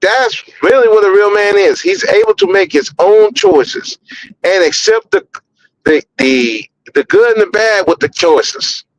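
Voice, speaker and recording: Blunt high-voiced man ranting on a podcast. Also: sing-song, unhurried, a little hiss or hum, rough recording. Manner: blunt, profane, repeats words when heated. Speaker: podcast host. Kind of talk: opinionated podcast commentary.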